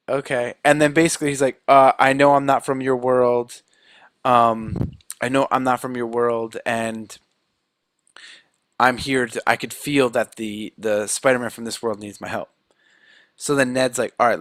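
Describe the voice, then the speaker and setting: Medium in pitch and moderate in pace, a male podcast co-host casually recounts a movie scene by scene, voicing the characters' lines with lively animation. The audio has no room sound.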